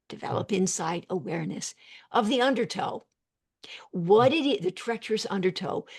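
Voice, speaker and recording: An older woman with a gravelly, husky voice explains her therapy work in an animated, emphatic way over a video call. Her speech carries some vocal fry and a breathy edge, and she often breaks off into quick asides. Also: mid-range voice. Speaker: psychiatrist and psychotherapist. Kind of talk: conversational video call interview.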